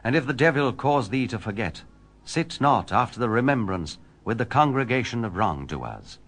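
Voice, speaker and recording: A man reading scripture aloud in a measured, solemn, formal way. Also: on the low side. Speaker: scripture reader.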